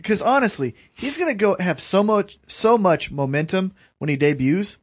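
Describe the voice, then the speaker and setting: A man co-hosting a podcast in a fairly high voice with a lively pitch. He mostly drops wry short replies and curses freely. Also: moderate pace. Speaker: podcast co-host. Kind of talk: casual podcast chat.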